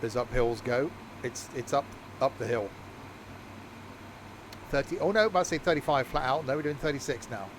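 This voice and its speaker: Sleepy guy streaming a train game, rambly and self-mocking, normal pitch, bit of faint hum. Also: normal speed, long pauses. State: very tired. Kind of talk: casual live-stream commentary.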